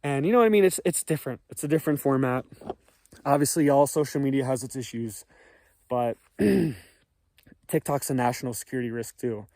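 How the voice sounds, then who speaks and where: A hoarse man hosting a casual commentary video, rambling and emphatic and checking in with viewers after each point. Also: medium pitch, brisk, a little mellow, no room sound. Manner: rambling, emphatic, frequent "okay?" and "all right?" check-ins. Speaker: commentary channel host.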